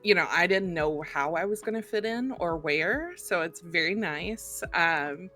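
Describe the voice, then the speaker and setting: A woman guest and creator, calm and soft-spoken, with a few "um"s. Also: fairly low pitch, measured pace, faint music behind. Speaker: round table guest, creator. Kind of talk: casual chat.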